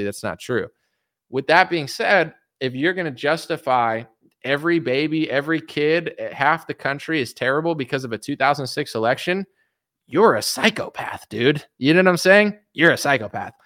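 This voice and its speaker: Heated, fast-ranting man. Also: fairly high pitch. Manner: animated, heated, sarcastic, calls listeners dude and folks. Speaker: political commentary host. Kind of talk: casual political rant.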